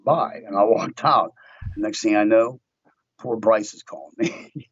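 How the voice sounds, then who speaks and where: A man's voice: lowish voice, fairly even intonation, measured pace, no room sound, muffled recording. A man, a guest on a podcast, chatting casually and animatedly acting out his own story. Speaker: guest, window tint shop owner.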